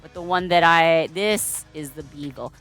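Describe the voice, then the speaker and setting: Soft background music plays as a woman hosts her balloon-art livestream in a low, fairly bright voice at a measured pace. She's playful and talkative, saying hello to viewers and tossing out puns.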